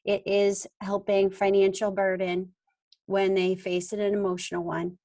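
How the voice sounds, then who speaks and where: A woman's voice: medium pitch, little pitch movement, measured pace, dark tone. A woman leading a team huddle, urging callers on with motivational talk on a video call.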